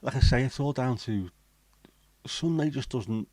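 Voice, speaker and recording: A man's voice: medium pitch, lively intonation, unhurried, darkish tone, no echo. A middle-aged man hosting a casual livestream chat, reading out viewer comments and answering them bluntly, swearing freely. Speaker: livestream host.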